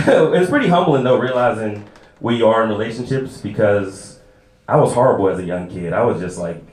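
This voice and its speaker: A man's voice: on the low side, expressive, normal speed, darkish tone. A man in his thirties doing a loose, self-mocking stand-up set on a club stage. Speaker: stand-up comedian. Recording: echoey club with audience. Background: audience laughter.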